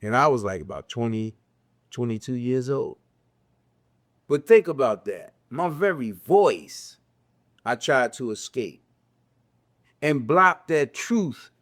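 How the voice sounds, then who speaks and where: An older man with a Southern US drawl, giving a slow, conversational religious reflection with drawn-out, repeating phrases. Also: a little high. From American South, raised in a city. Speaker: religious teacher.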